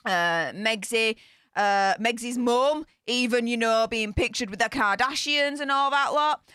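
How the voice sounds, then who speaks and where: A British woman giving scornful live-stream commentary in an excitable voice that swings between shrieks and mutters. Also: a little high, a little slow, clean tone, dry recording, studio quality. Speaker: royal news commentator.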